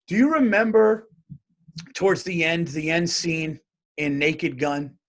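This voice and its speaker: A male comedian talks alone into his podcast mic, swearing freely and rambling from one rant to the next. His voice sits a little high for a man, and he keeps the tone loose and conversational. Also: measured pace. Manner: profane, rambling, animated rants. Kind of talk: solo comedic monologue.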